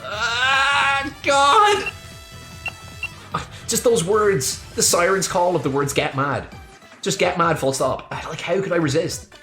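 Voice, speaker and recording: A young woman streaming a voice-acted game playthrough, joking and swearing in animated commentary. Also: lowish voice, slow. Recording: echoey room, faint music behind.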